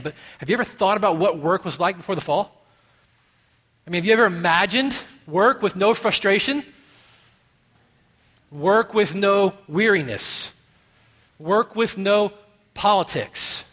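A man preaching a sermon as pastor, emphatic, moving from quiet musing to loud stressed phrases. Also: a little high. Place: church sanctuary. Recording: long reverb of a church hall.

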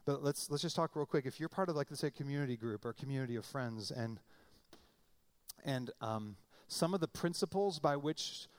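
A middle-aged male pastor preaching in a conversational, animated way, acting out quotes with comic voices. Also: medium pitch, fairly quick. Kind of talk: sermon.

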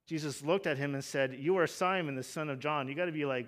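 A man's voice: on the high side, fast, fairly bright tone. A young adult man preaching a sermon, conversational, with joking asides and fervent emphasis on key points. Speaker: pastor.

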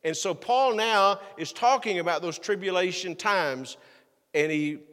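A man's voice: high voice, unhurried, fairly bright tone. A man preaching an expository sermon as pastor, reading scripture aloud and then explaining it plainly, with frequent restarts. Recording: long hall reverb.

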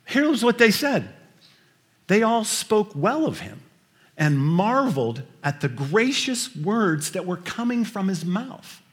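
A man preaching a sermon, shifting between hushed scripture reading and loud, emphatic storytelling. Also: high-pitched, very animated, slow. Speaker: pastor.

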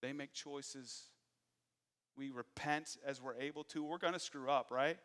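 Candid pastor with a bright voice. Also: male voice, medium pitch, steady tone, unhurried, smooth, big-room sound. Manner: candid, self-deprecating storytelling. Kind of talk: sermon.

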